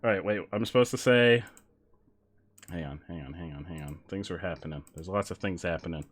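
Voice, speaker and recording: Speaking a little fast in a deep voice, a man chats casually with his audience during a gaming stream. He keeps joking, laughs a lot and reads out messages from chat.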